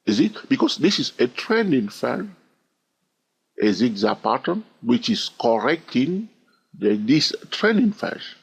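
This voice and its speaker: A man's voice: medium pitch, very animated, unhurried, creaky, husky. A man teaching a chart lesson, counting waves aloud and often checking in with "all right?". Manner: repetitive, keeps asking "all right?"; counts wave numbers aloud in a sing-song way. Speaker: trading instructor.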